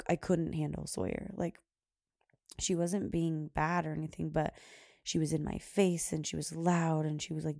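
Gravelly low-voiced woman telling a story. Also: dark tone, dry recording, studio quality. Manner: rambling, many "like" fillers, quotes herself. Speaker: podcast host. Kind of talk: casual storytelling monologue.

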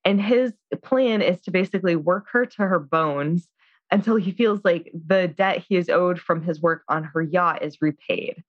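A woman's voice: fairly low pitch, moderate pace, no echo. A woman casually recapping a film in a chatty, filler-heavy way, acting out the characters' lines. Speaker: podcast co-host. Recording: slightly dull dry sound.

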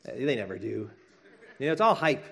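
A man's voice: mid-range voice, very animated, moderate pace, gravelly, fairly bright tone, slightly rough. A middle-aged man preaching a sermon in a conversational way, acting out quoted voices with light jokes. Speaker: pastor.

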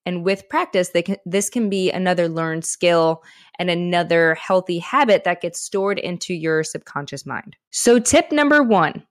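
This self-help podcast host and author has a fairly low voice and speaks frankly and supportively, as if in conversation. The recording is dry with a clean studio sound.

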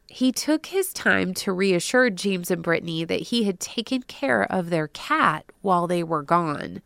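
Gravelly woman narrating true crime. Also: lowish voice, dry recording, clean studio sound. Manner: personal asides, drops to a hush at dark moments. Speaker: podcast host narrating a true crime story.

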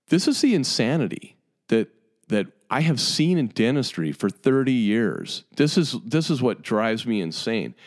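A man's voice: low-pitched, a little mellow. A man in his fifties, a dentist of long standing, delivering an impassioned and exasperated monologue to his colleagues, repeating and stressing his points. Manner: emphatic, exasperated, repeats himself.

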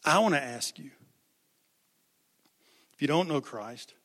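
An impassioned male preacher with a forceful, ringing voice, pitched a little high for a man. He hammers phrases through repetition. His voice rings out through a large hall with long reverb. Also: lively intonation, slow. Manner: impassioned, repeats phrases for emphasis. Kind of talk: sermon.

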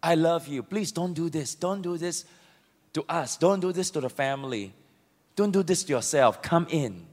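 A man preaching, acting out a loving father who softly begs his son. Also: on the high side, expressive, normal speed, long reverb tail, voice pushed down. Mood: pleading. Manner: soft, begging.

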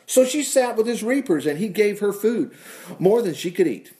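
Lively folksy preacher man. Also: on the high side, moderate pace. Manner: lively, exclaims praise, reads scripture aloud with asides. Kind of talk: folksy Bible-reading sermon.

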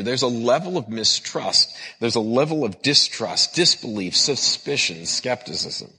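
A man preaches a sermon in an earnest, repetitive cadence, drawing on his work as a counselor. His voice is bright and forceful with a husky edge. It rings out through the long reverb of a large hall. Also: on the low side. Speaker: pastor and counselor.

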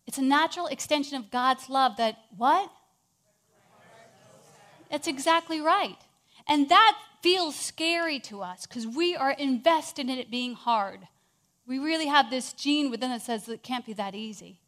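A woman telling an inspirational story in a sermon, animated and moving between hushed and loud moments. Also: sits high, measured pace. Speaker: speaker.

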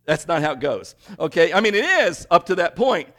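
A male pastor preaching a conversational sermon, animated and often checking in with the congregation. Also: fairly high pitch, fairly quick.

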